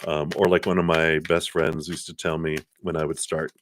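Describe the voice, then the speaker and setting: A man giving a live tarot reading, chatty and warm-humored, laughing often and trailing off with fillers. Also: a bass voice, little pitch movement, normal speed, slight background noise. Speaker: tarot card reader.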